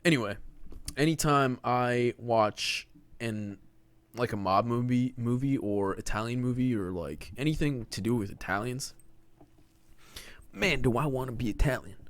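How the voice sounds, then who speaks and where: A man's voice: mid-range voice, measured pace, pauses often, no room sound. A man in his twenties hosting a podcast alone, rambling and joking about himself and often saying "dude.". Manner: rambling, joking, self-mocking, says dude a lot. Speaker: podcast host. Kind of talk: casual solo monologue.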